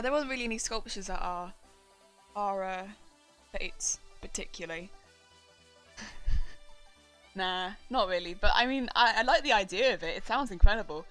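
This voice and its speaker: A young woman chatting casually while she crafts on a live stream, rambling excitedly and laughing often. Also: medium pitch. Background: faint background music.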